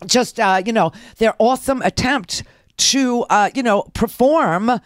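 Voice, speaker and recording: A woman's voice: fairly high pitch, measured pace, no echo, studio quality. A middle-aged woman hosting a talk radio show, giving sarcastic, rambling political commentary full of restarts.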